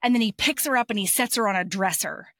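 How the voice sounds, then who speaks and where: A young woman host giving a chatty, animated book recap, swearing casually. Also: medium pitch, quick pace, dry recording, clean studio sound. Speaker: podcast host.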